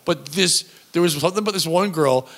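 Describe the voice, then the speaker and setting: A comedian podcast host telling a long, rambling, crude story in casual chat. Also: male voice, fairly high pitch, fast, gravelly, fairly bright tone.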